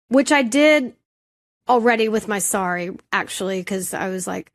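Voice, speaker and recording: A woman co-hosting a talk show tells a personal story in a relaxed, chatty way. She talks at a medium pitch and keeps restarting and correcting herself. She pokes fun at herself as she goes. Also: normal speed. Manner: animated, self-deprecating, many restarts. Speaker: podcast co-host. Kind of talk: casual conversational storytelling.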